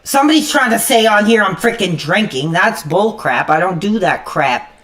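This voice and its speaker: A man streaming an angry, profane rant, swinging between loud outbursts and low muttered asides. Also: expressive, moderate pace. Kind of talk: angry ranting monologue.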